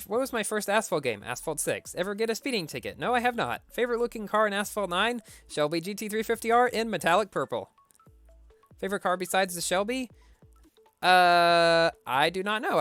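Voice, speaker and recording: A man's voice: high-pitched, animated, fairly quick, a bit bright, dry recording, faint music behind. A man streaming a racing game, reading viewer questions aloud and answering them briefly in a casual tone.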